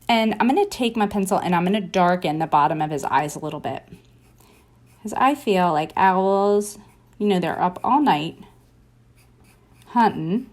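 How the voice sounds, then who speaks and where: A woman teaching a relaxed doodling lesson, narrating each pencil stroke in a chatty way. She keeps up a steady stream of encouragement and thinks aloud as she sketches. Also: mid-range voice, normal speed, pauses often. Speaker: drawing teacher. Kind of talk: casual drawing tutorial.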